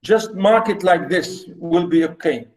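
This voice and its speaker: Slow, high-voiced man lecturing on a call. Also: low-quality recording. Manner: rambling, repeats himself with many fillers. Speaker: university literature lecturer. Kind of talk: online lecture on poetic meter. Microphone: video call.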